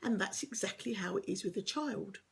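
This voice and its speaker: Husky woman coaching earnestly. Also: mid-range voice, expressive, brisk. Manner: earnest, encouraging, drops to a whisper for emphasis. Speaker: life coach. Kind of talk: motivational talk to camera.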